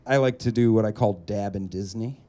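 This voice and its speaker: A young man doing a stand-up comedy set on a club stage, animated and quick to slip into put-on voices. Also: crowd noise. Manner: animated, jumps into high put-on voices for characters. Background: audience laughter.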